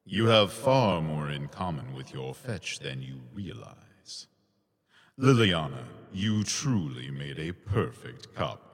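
An actor playing a smug fae ruler in an audio drama, mocking and amused by others' anger. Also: male voice, big pitch swings, slow, in a large hall, full character voice. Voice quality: deep, gravelly. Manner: mocking, relishes others' anger, laughs often.

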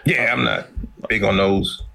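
A man co-hosting a casual movie-reaction chat, chiming in with quick joking asides. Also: on the low side, steady tone, vocal fry, pushed and bright. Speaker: co-host.

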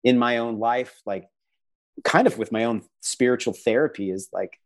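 A man's voice: mid-range voice, normal speed. Earnest, reflective man in conversation. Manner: earnest, reflective, many fillers and restarts. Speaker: visual artist guest. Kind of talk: conversational interview answers.

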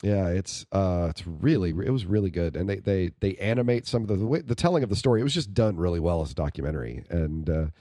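Low mellow podcast man, dry close. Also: quick pace, hardly any pauses, no echo. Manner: relaxed, enthusiastic recommendations, trailing fillers. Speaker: podcast co-host. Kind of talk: casual chat.

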